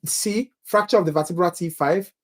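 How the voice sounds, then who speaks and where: A man's voice: high voice, moderate pace. Male tutor for a live nursing exam-prep review, quizzing viewers and reading out answer options. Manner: quizzes viewers, reads options aloud, jokes about his accent.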